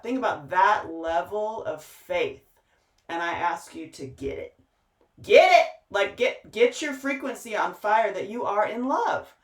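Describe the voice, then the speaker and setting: A woman's voice: fairly high pitch, echoey room, far from the mic. A woman giving an impassioned, profane pep talk straight to her listeners, preachy and emphatic, repeating words for emphasis. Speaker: motivational speaker and host.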